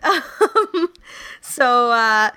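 A woman's voice: a little high, very animated, extremely slow, background noise. A young woman hosting a casual comedy podcast, telling jokes with lots of laughs and fillers. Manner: laughs often, many fillers. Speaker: podcast host. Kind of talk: casual joke-telling chat.

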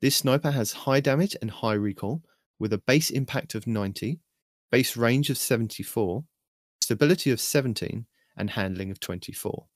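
Male host, scripted game news rundown, steady delivery, mid pitch, dry sound. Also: normal speed, no echo. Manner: steady, even list-reading delivery. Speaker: host of a weekly game update.

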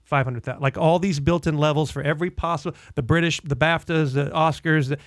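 A middle-aged man telling animated, laughing anecdotes as a guest on a casual podcast. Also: on the high side, a little fast, dry recording, clean studio sound.

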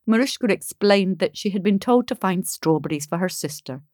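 A woman narrating a fairy tale in an expressive, measured way. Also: mid-range voice, dry recording, clean studio sound. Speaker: storyteller.

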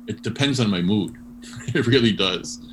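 A man telling a story in an interview, animated and full of restarts and fillers. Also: lowish voice, moderate pace, a loud crowd. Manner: animated, many restarts, laughs while telling. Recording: noisy background hum.

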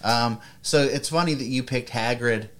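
A man co-hosting a podcast, chatting casually in a blunt, sardonic way with flat put-downs. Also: mid-range voice, moderate pace. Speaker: podcast co-host. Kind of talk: casual chat.

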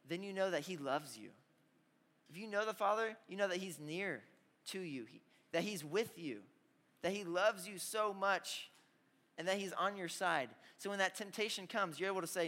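A young man preaching a youth sermon, telling stories with lively asides and calling out to the audience. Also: sits high, normal speed. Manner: energetic storytelling with audience call-outs. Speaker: youth pastor. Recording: hall reverb.

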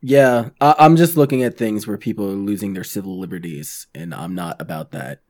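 A man from Virginia in casual podcast chat, talking earnestly and haltingly with many fillers. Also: on the low side, darkish tone. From northern Virginia, USA. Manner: earnest, halting, many "you know" fillers, swears when riled.

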